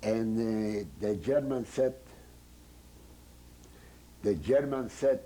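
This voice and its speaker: Older man, halting testimony. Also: lowish voice, mellow, slightly rough, poor audio. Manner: halting broken English mixed with German phrases. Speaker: Holocaust survivor giving testimony. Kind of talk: oral history testimony.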